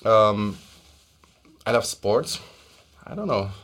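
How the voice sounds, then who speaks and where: A man from Germany, a podcast guest speaking casually and at length, pausing on many fillers. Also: fairly low pitch, lively intonation, fairly bright tone. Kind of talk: casual conversation.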